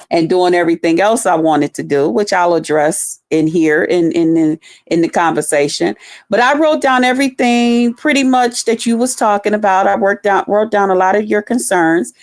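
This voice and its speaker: A middle-aged woman, telling a heated, profane story on her stream and acting out other people's voices. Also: mid-range voice. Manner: profane, blunt, acts out quoted voices. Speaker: streamer responding to a rival.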